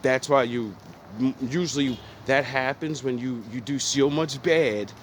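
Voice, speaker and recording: A man's voice: mid-range voice, measured pace, slight background noise. Intense man talking outdoors. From New Jersey. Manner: intense, profane street talk, rising to pleading shouts. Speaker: motivational speaker. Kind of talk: passionate monologue.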